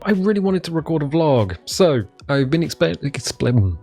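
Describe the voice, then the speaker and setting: A man's voice: on the high side, very animated, a little slow, dark tone, soft background music. A man with an English accent talking casually to camera in a vlog from his living room, rambling and self-deprecating with many ums and restarts. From England. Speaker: vlogger.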